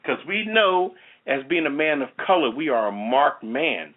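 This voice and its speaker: A man's voice: fairly high pitch, big pitch swings, measured pace. A man hosting a talk show, rambling in casual chat full of "you know". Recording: tinny phone-like sound.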